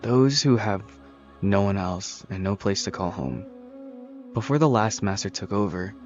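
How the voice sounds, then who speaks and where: A starved bull-headed monster bound as a servant, speaking in solemn, obedient tones, as a man reads him aloud from a game. The low male voice is a little louder here, and the audio is dull with music behind it. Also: animated, a little slow. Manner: solemn, servile, plainly spoken.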